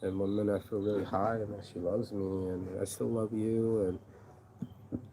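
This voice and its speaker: A man with a low, mellow voice vents in a loose, aggrieved monologue for his vlog. He swears often, repeats himself and restarts his sentences. The tone stays dark and unpolished throughout. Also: level tone, a little slow, slight background noise, poor audio. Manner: profane, rambling, aggrieved. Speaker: vlogger and shirt designer. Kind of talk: casual venting monologue.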